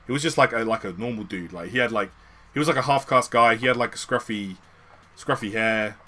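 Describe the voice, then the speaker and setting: Bright-voiced British man telling a story. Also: fairly low pitch, brisk. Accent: British English. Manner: slangy, swearing, animated retelling. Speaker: streamer. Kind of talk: casual storytelling.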